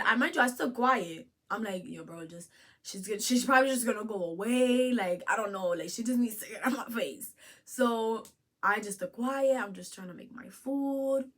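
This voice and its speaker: A young woman vlogger telling a storytime with slang and profanity, laughing often, jumping from loud outbursts to hushed asides. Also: mid-range voice, normal speed. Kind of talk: storytime vlog.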